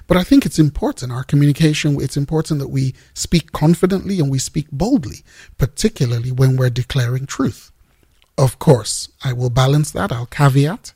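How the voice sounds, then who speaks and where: Male Christian radio host, husky and earnest, reflective between songs. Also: medium pitch, mellow, no echo, studio quality. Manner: unhurried, searching for words, earnest. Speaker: host of a Christian music program. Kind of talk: reflective devotional talk between tracks.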